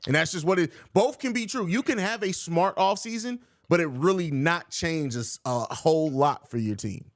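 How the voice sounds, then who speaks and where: A man's voice: a little high, moderate pace, no room sound, studio quality. A young man hosting a live sports podcast, reading viewer questions and answering bluntly with jokes, calling people bro. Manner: blunt, joking, says bro a lot. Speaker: podcast host.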